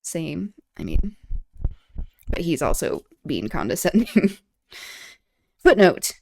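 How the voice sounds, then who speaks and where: A woman's voice: fairly low pitch, very animated, slow, creaky, darkish tone, no room sound, studio quality. A woman hosting a streamed book club, reading a play and chatting about it casually, irreverent and blunt, full of fillers. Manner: irreverent, blunt, frequent fillers, swears freely. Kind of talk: casual reading and commentary on a livestream.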